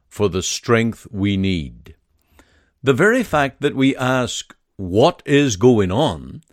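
A man reads a devotional message and prayer at an unhurried, measured pace. His pitch rises and falls expressively while the tone stays solemn. The recording is dry, with no room sound. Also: no room sound. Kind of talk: scripted devotional reading and prayer.

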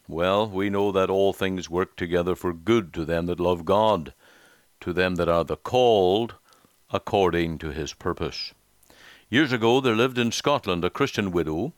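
A male preacher telling an illustrative story in a measured, solemn sermon style. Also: low voice, dry recording, studio quality.

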